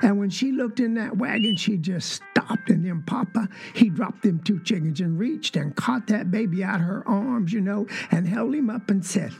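In a lightly acted dramatic monologue, the speaker plays a rural Southern child telling an old family story, drawing out phrases and adding folksy asides in an earnest, wondering mood. The thick Southern accent comes in a mid-range, darkish, gravelly and creaky voice at a moderate pace with hardly any pauses. Faint music plays underneath.

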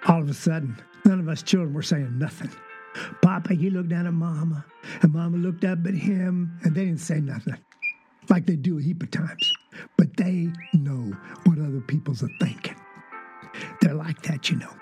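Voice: mid-range voice, moderate pace, mellow, soft background music, lightly acted. An actor performing a rural Southern child recalling a Christmas memory, in a Southern accent with folksy dialect and drawling asides. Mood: earnest, wondering. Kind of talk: dramatic monologue.

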